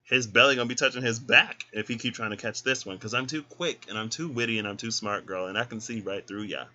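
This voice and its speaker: A man's voice: mid-range voice, fast talker, pushed and bright. A man giving a casual tarot reading, sassy and chatty, talking straight to the listener, in a dull lo-fi recording. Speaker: tarot reader. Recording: dull lo-fi sound.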